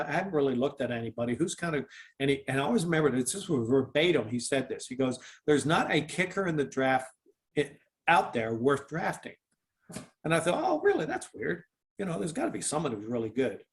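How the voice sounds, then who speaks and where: A man from Canada, a former football player, telling a long story in an interview, with many fillers and restarts and acted-out dialogue. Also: medium pitch. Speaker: former football kicker, guest.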